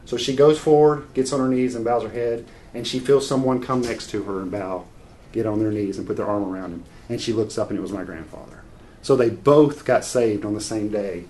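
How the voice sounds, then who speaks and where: A man's voice: on the low side, a little fast, darkish tone, slight background noise. A man preaching a sermon, earnest and unscripted, moving from scripture into a family story with frequent restarts.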